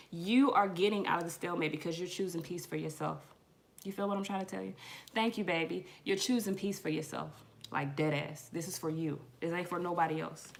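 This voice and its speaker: A middle-aged woman chats through a tarot reading, telling stories in loose slang. She swears freely and talks straight to her viewers. A faint hiss sits under her voice. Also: on the low side. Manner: animated storytelling, slangy, swears, addresses viewers as y'all. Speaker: tarot reader. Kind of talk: casual live tarot reading chat.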